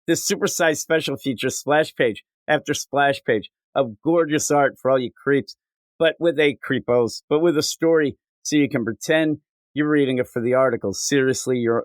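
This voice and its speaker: A man's voice: medium pitch, dry recording, studio quality. A man hosting a comics podcast, riffing jokily and putting on silly voices. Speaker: podcast host. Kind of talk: casual comedic chat.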